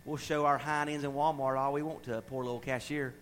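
A middle-aged man preaching a sermon, emphatic and loud at times, then dropping into quiet asides. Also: medium pitch, little pitch movement, fast, rough recording. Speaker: pastor.

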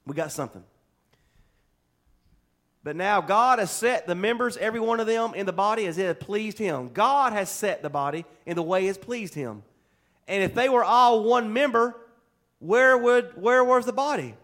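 A man's voice: high voice, lively intonation, normal speed, fairly bright tone. A male pastor giving a folksy, conversational sermon at a church service, full of homespun jokes and chatty asides.

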